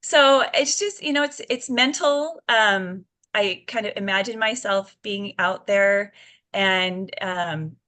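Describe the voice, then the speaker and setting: A woman in her fifties, a guest in a casual interview, tells her story earnestly with many fillers and restarts. Her medium-pitched voice is slow, pushed and bright.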